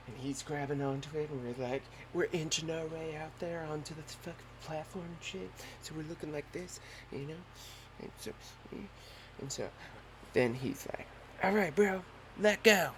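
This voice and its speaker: A young man hosting a podcast, telling a story in a lively, slangy and profane way. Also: fairly high pitch, normal speed, background noise. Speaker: podcast host. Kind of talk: casual storytelling.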